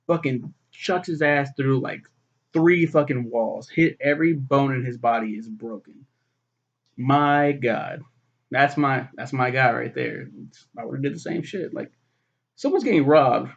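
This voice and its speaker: A man's voice: mid-range voice, measured pace, creaky, husky. A man casually reviewing a film in a rambling, profane way, full of fillers and restarts. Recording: dull lo-fi recording.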